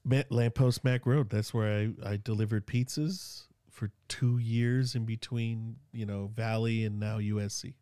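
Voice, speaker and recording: A man's voice: fairly low pitch, fairly even intonation, measured pace, few pauses, mellow, clean tone, no room sound, studio quality. Rambling man with a loose Sacramento drawl. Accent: Northern Californian. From Sacramento, California. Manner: rambling, loose, lots of fillers and slang. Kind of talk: casual chat.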